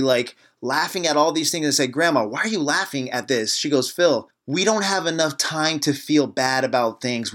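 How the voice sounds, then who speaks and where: A man giving a fired-up motivational podcast talk in the manner of a life coach. He preaches in punchy, repeated short phrases at a middle pitch. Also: a bit bright.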